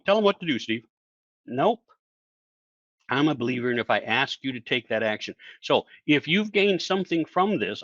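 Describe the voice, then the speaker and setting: A man coaching virtual presenters in a lively online talk, who asks the audience questions and acts out other people's lines. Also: mid-range voice, dry recording, muffled recording. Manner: animated, acts out quoted voices, asks listeners questions.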